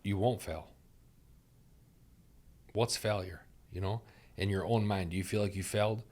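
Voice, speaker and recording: A man with a low, deep voice speaks as a podcast guest, talking through life lessons in an earnest, reflective way. He leans on repeated phrases to drive a point home. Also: fairly even intonation, a little slow, darkish tone. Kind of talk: reflective conversational storytelling.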